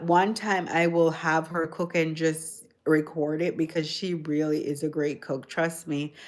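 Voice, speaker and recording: Chatty low-voiced woman livestreaming. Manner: chatty and rambling, heavy on "like" and "you know". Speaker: livestream host. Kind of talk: casual livestream chat.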